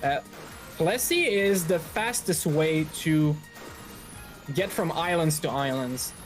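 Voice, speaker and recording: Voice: medium pitch, takes it slowly. Speedrunner explaining a run over game music. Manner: explains while playing, relaxed, many fillers. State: slightly out of breath. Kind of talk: live speedrun commentary.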